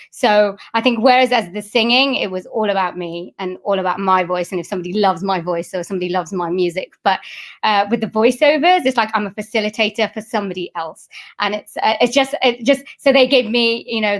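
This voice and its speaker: A middle-aged woman, a voice-over artist and singer, chatting in an interview with many fillers and restarts. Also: mid-range voice. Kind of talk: casual interview chat.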